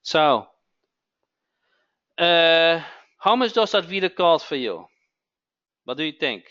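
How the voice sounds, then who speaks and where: A man hosting a live webinar sales pitch, who keeps asking "okay?" and repeats his phrases. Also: very animated, slow pace, pushed and bright, lo-fi sound. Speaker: webinar host.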